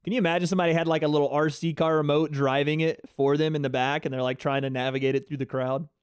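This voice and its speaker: A man hosting a live fight reaction stream, excitable and chatty, talking to his chat viewers. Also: a little high, quick pace, clean tone, dry recording, studio quality. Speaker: livestream host.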